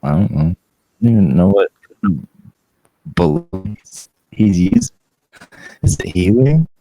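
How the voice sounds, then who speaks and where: A male podcast co-host with a very low, dark voice, speaking slowly. He gives short, deadpan answers and laughs easily. The sound is dry and close. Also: gravelly, no room sound, rough recording. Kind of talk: casual comedic chat.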